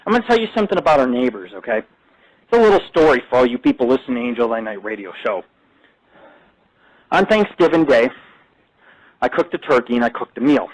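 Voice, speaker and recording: A man hosting an internet radio show, telling a crude, boastful story in loud, profane casual talk from a home studio. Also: mid-range voice, big pitch swings, brisk, pauses often, rough recording.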